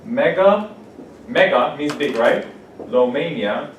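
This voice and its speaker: A man teaching English vocabulary to a class, animated and playful, acting out examples. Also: medium pitch, slow pace. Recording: echoey room from far off, faint noise.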